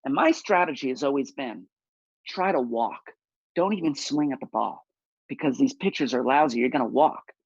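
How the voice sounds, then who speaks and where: A man telling a personal story at a story slam, animated and self-mocking, over a video call. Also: medium pitch, normal speed, husky, dry recording, dull audio.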